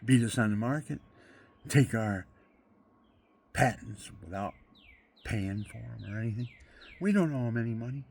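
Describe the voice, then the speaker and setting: An older man delivering a rambling, preachy monologue. He swings between hushed murmurs and loud outbursts. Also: mid-range voice, normal speed, vocal fry, long pauses. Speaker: amateur guitarist and video maker.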